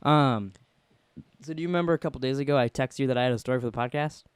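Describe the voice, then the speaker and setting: A man hosting a podcast, telling a story in a casual, animated way and acting out the people he quotes. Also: medium pitch, very fast, clean tone, no echo. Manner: animated, acts out quoted voices. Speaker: podcast host.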